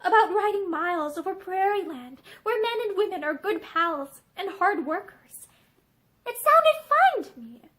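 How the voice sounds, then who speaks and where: A woman reading aloud and voicing a lively, teasing young society woman. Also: extremely high pitch, exaggerated voice. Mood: eager. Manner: bright, teasing, quick to challenge.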